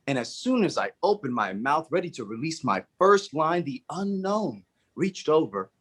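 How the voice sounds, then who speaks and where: A man's voice: a little high, big pitch swings, moderate pace, breathy edge. A man giving a dramatic storytelling speech at a speaking club, theatrical and acting out the people in his story. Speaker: Toastmasters speaker.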